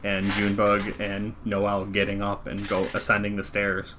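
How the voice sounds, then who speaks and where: Low-voiced man running a tabletop game. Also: completely flat delivery, moderate pace, background noise. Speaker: dungeon master.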